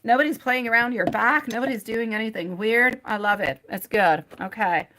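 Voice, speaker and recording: A woman's voice: on the high side, moderate pace, noisy background. A woman reading tarot live for her viewers, rambling and chatty, laughing often and calling people by pet names like sweetie and my love. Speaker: tarot reader.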